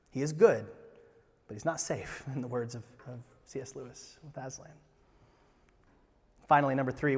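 Animated male pastor in a reverberant hall. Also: on the high side. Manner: animated, rising to emphatic peaks. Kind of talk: sermon.

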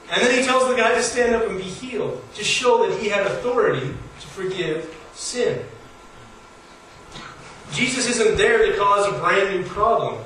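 A pastor preaching a sermon. He tells stories in a casual, conversational way and pushes his emphasis higher as he builds each point. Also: animated, moderate pace, fairly bright tone. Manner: storytelling, conversational with rising emphasis. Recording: very echoey hall, voice from far off, faint noise.

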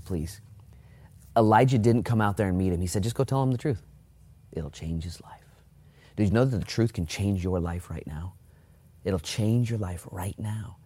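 A man preaching a sermon as pastor, reading scripture and acting out the people in it with lively, jokey asides. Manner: animated, acts out Bible figures in a high put-on voice. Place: church, online service during lockdown.

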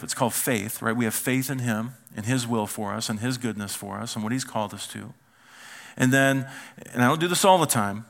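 A man, a pastor, preaching a conversational sermon and asking the congregation questions. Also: medium pitch. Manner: animated, asks the congregation questions.

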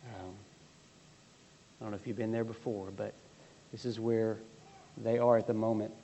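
A man's voice: fairly low pitch, flat delivery, moderate pace, creaky, dark tone, long reverb tail, slight background noise. A man teaching a Bible class in a conversational way, retelling a story, asking the audience questions and adding wry asides.

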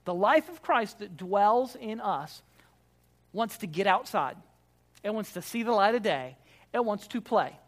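Emphatic preacher. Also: male voice, sits high, expressive, unhurried. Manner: emphatic preaching, swinging between loud declarations and quiet prayer. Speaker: Baptist pastor. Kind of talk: sermon.

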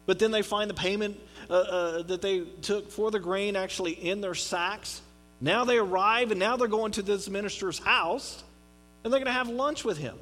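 Chatty high-voiced man teaching scripture. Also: moderate pace, a bit bright, low-quality recording. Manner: casual and chatty, reads scripture then explains it, acts out little voices. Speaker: pastor. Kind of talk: conversational Bible teaching.

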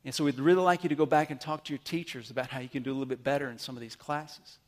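A man preaching a sermon, animated, swinging between loud emphatic bursts and quiet asides. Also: mid-range voice, very fast. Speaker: pastor.

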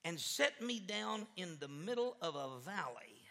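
A man's voice: high-pitched, sing-song, a little slow. Fired-up man preaching in an echoey hall. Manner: stammers on repeated words, gets fired up and shouts. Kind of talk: animated sermon with a live demonstration. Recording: echoey hall with long reverb.

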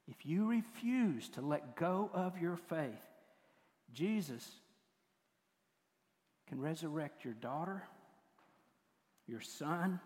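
An older man preaches a sermon in a slightly high voice. He moves between emphatic, raised points and quiet, tender asides. His voice carries a long reverb from a large hall. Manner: shifts from forceful to hushed and tender. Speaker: pastor.

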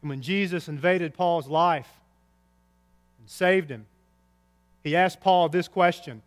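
A man preaching a sermon as pastor, swinging between soft, low lines and loud, raised cries. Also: slow pace, in a large hall. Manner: impassioned preaching with big swings in pitch and loudness.

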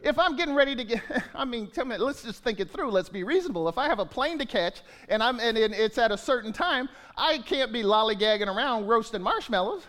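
A man's voice: very high voice, lively intonation, brisk, few pauses, a bit bright. A man in his sixties, a pastor, preaching a conversational sermon full of restarts and repeated words. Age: 60s.

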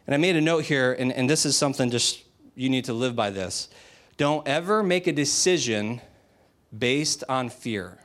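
A man's voice: medium pitch, expressive, normal speed, a bit bright. A man preaching a sermon in a direct, emphatic, conversational way, asking the audience rhetorical questions. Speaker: pastor.

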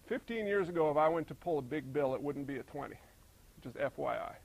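A male pastor preaching a sermon, full of rhetorical questions and swinging between emphatic and hushed delivery. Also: fairly high pitch, expressive, brisk, creaky, rough recording.

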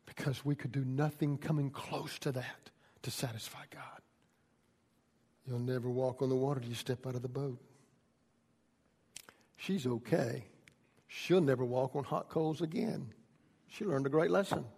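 A man preaching a sermon, shifting from quiet, folksy storytelling to loud, impassioned pleading. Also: medium pitch, steady tone, a little slow, pauses often, husky, long reverb tail. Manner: builds from quiet teaching to shouted pleading. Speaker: pastor.

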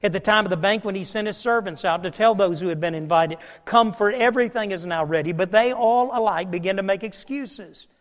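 A man preaching a sermon in a church, telling the story in a folksy way and acting out the dialogue, with his voice climbing to shouts. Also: sits high, a little fast, hardly any pauses. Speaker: pastor. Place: church sanctuary. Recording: long hall reverb.

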